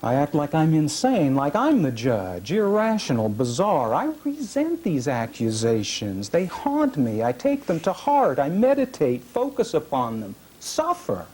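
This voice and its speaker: A man reading his own first-person fiction aloud at a literary reading, measured and dramatic, with heavy pauses. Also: a little high, wildly swooping pitch, a little mellow, slightly rough. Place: reading series event.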